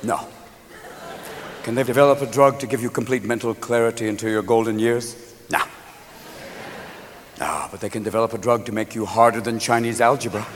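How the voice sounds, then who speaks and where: A man doing stand-up comedy, loud and rowdy with frequent shouting. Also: medium pitch, fairly even intonation, a little fast, pauses often. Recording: live crowd with background noise.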